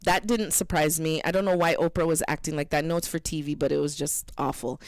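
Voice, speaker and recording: A woman co-hosting an internet radio show, chatting casually and telling stories in an animated way. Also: deep voice, a little fast, no room sound.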